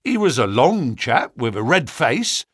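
A man voicing a defensive working-class police constable who speaks rough, ungrammatical English in an audiobook. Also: mid-range voice, sing-song, measured pace, fairly bright tone, no room sound, studio quality, exaggerated voice. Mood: aggrieved. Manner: dropped grammar, rough common speech. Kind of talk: audiobook character reading.

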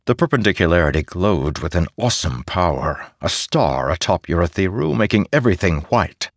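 Deep-voiced guy reading a fantasy audiobook, lots of melody, dry studio sound. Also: big pitch swings, fairly quick, no room sound. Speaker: audiobook narrator. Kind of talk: scripted fantasy audiobook narration.

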